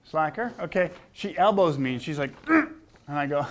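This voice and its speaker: A man's voice: on the high side, animated, measured pace. A man in his sixties, a chiropractor, telling personal stories to a live audience, acting out quoted voices and throwing questions to the crowd. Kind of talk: anecdotal talk to a live audience.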